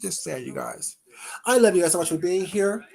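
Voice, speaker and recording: A woman hosting a livestream, ranting at her chat in a profane, confrontational way that swings between loud and quiet. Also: fairly low pitch, huge pitch swings, moderate pace, gravelly, breathy edge. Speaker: livestream host. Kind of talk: heated livestream rant to chat.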